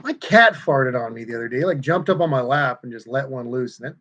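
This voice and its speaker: A man hosting a casual livestream, reading viewer comments aloud in a relaxed, chatty way. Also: mid-range voice, fairly quick, hardly any pauses, muffled recording. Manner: laid-back, reads viewer comments aloud and chuckles between them. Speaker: livestream host reading chat. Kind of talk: casual chat.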